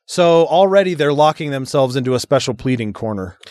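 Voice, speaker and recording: A man's voice: medium pitch, lively intonation, a little fast, darkish tone, dry recording. Man, podcast co-host, sarcastic, profane, casual chat, dry close sound. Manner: reads argument aloud, sarcastic asides, profane.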